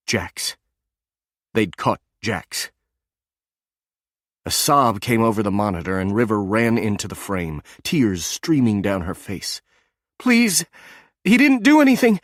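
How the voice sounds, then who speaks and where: A man narrating a suspense audiobook in an even, measured storytelling manner. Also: lowish voice, no echo, clean studio sound.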